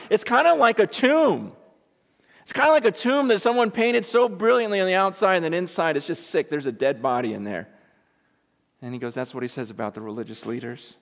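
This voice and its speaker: Guy giving a sermon, pretty high voice, punchy then quiet, big echoey hall. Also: expressive, quick pace, gravelly. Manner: emphatic, swings between loud and hushed. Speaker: preacher.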